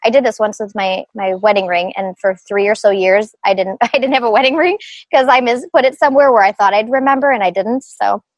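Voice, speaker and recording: A woman's voice: medium pitch, brisk, no room sound, poor audio. A middle-aged woman talking casually as an interview guest, laughing often and full of fillers and restarts. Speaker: guest, group practice owner.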